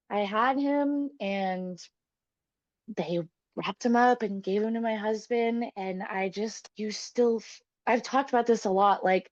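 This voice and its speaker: A woman's voice: medium pitch, darkish tone, no room sound. A young woman telling a personal story as a podcast guest, candid and emotional, swearing freely and laughing often. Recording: dull, dry, lo-fi podcast sound.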